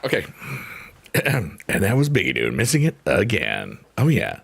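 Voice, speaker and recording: A man's voice: deep voice, huge pitch swings, measured pace, creaky, breathy edge. A man hosting a livestream, chatting casually and jokingly as he reads out the chat. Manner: rambling, jokey, reads chat aloud. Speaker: livestream host. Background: piano.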